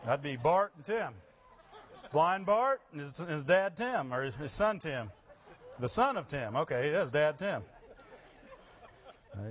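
A man preaching a sermon, rising to loud emphasis with laughing asides. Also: on the high side, highs cut off. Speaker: pastor.

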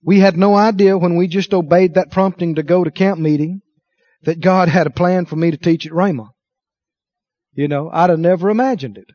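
A man's voice: high-pitched, fairly even intonation, moderate pace, dark tone, dry recording, highs cut off. A middle-aged man preaching a sermon with emphasis, calling on the congregation to answer him. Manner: emphatic, calls for congregation responses.

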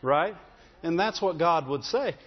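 Pastor, male, easygoing sermon delivery with a lively voice, recorded with a muffled sound in a church with long reverb. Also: a little high, measured pace. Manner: conversational, repeats "Amen?" and "Right?". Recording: dull, with long hall reverb.

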